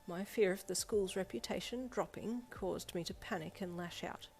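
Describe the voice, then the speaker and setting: A woman's voice: medium pitch, normal speed, close to an everyday voice, poor audio. A woman reading aloud voices a middle-aged woman principal who speaks formally and apologetically. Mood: apologetic. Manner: formal, apologetic, then tearful and soft.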